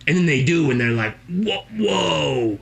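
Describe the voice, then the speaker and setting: A man's voice: on the high side, expressive, a little slow, creaky, over a noisy crowd. A man playing a boastful, rambling jobless guy with a put-on accent, spinning tall tales in an improvised comedy interview.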